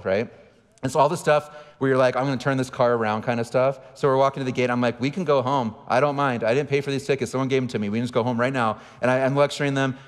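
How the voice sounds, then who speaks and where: A man in his forties, a campus pastor, giving a conversational sermon with candid, self-deprecating stories. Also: mid-range voice. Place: church auditorium. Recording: reverberant hall.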